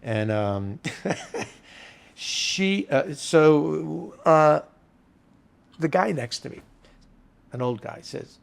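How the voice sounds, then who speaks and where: A man's voice: fairly high pitch, animated, very slow, gravelly, long pauses. An older man, a bartender being interviewed, telling long, casual, earthy stories in a rambling anecdotal way. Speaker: bartender guest. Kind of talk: storytelling interview chat.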